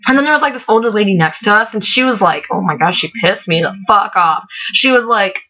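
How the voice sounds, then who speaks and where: A woman's voice: medium pitch, expressive, brisk, pushed and bright. A teenage girl telling a concert story in casual vlog chat, rambling and swearing with lots of "like". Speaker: vlogger. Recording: dull lo-fi webcam audio.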